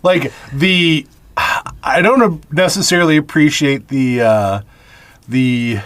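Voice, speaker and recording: A man's voice: on the high side, slow, a bit bright. A man co-hosting a podcast, chatting casually about a film and tossing in wry jokes. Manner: wry, joking asides. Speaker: podcast co-host. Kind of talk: casual chat reviewing a film.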